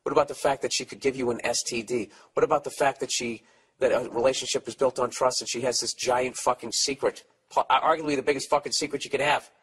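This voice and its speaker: Husky, profane middle-aged man ranting. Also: mid-range voice, steady tone, quick pace, fairly bright tone. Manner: profane, blunt, rambling. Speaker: podcast host. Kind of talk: comedic advice rant.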